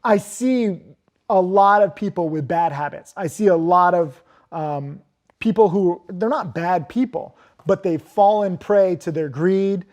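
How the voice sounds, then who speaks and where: A man's voice: sits high, unhurried, a little mellow. A man speaking as an interview guest about trading, talking casually with lots of fillers and blunt, profane remarks. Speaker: interview guest, stock trader.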